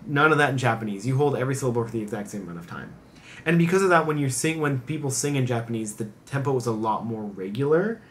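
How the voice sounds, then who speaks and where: An American man in an easygoing chat, explaining in long, rambling stretches full of filler words. His pitch sits in a plain middle range, and his eagerness spills over as he talks. A faint hiss of noise runs behind him. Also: expressive, fast talker, fairly bright tone. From United States. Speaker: reaction channel co-host. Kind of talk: casual chat.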